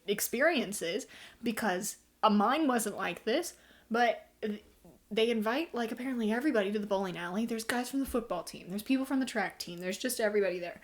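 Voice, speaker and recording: A woman's voice: medium pitch, animated, brisk. Woman, casual book reviewer; sarcastic, incredulous recap with lots of "like" and "um". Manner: sarcastic, incredulous retelling with fillers.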